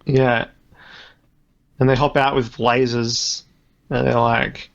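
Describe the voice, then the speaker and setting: A man's voice: medium pitch, level tone, slow, creaky, pauses often, no echo, highs cut off. A man co-hosting a casual comedy podcast, rambling through a story with frequent laughs and restarts. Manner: rambling, laughs often, trails off mid-sentence. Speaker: podcast co-host.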